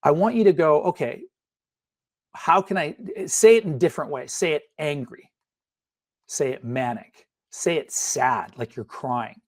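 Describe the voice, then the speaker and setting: A man's voice: a little high, a little slow, a little mellow, dry recording. Middle-aged man teaching, dry and chatty. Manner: conversational, peppered with "right?" and "you know", acting out sample line readings. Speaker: acting and screenwriting instructor. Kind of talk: webinar lecture. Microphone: webinar microphone.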